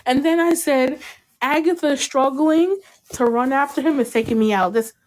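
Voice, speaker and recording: A woman hosting a podcast, chatting casually about a TV show, animated and laughing often, with casual swearing. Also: high-pitched, normal speed. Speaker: podcast host. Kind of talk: casual chat recapping a TV show.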